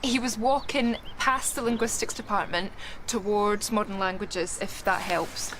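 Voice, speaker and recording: A woman's voice: mid-range voice, fairly even intonation, measured pace, background noise, natural voice. A woman with a Scottish accent playing a flustered witness in a TV drama who stammers and then gets exasperated. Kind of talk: TV drama acting.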